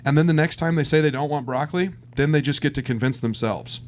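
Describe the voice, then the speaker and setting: A man's voice: on the high side, fast talker. A man co-hosting a podcast, chatting in an upbeat, supportive way. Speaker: podcast co-host. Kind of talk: casual chat.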